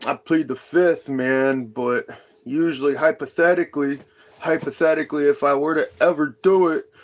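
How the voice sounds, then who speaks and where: A high-strung man hosts his own livestream, swearing freely as he rants to the chat. His voice sits a little high for a man, and he talks in a loose, casual way. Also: steady tone, normal speed. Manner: profane, ranting, high-strung. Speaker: livestream host.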